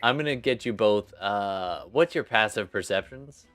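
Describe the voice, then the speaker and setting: Sex: man. Role: lively, low-voiced game master. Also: normal speed, no room sound, faint music behind. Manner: laid-back, chatty, laughing. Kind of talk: narrating a tabletop game.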